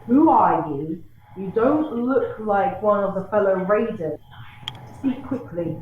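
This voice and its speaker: A woman's voice: medium pitch, lively intonation, slow. A woman voicing a wary, blunt female dwarf archer, with a commanding way of speaking. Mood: aggressive. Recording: very echoey lo-fi mic, faint hiss.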